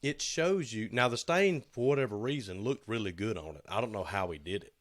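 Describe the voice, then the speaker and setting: A man's voice: on the low side, lively intonation, brisk. A man telling a shop story as co-host of a casual podcast, slipping into quoted voices as he goes.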